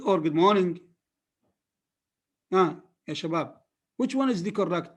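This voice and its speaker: A man's voice: fairly high pitch, lively intonation, moderate pace, long pauses. A man lecturing a class on phonetics, repeating words and often checking that his students follow. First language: Arabic.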